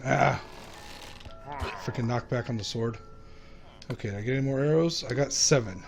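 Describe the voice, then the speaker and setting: A young man narrates his own gameplay in a quick, jittery voice, muttering and exclaiming to himself. His voice sits at an ordinary middle pitch. Clear game music plays underneath him. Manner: quick, nervous, self-talking, exclaiming. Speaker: gaming YouTuber. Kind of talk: casual gameplay commentary.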